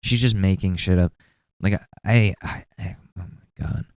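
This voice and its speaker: Guy hosting a podcast, low smooth voice, swears a lot, rambly and sarcastic. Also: fairly even intonation, moderate pace, darkish tone, no echo, clean studio sound. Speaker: podcast host. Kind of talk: casual commentary podcast.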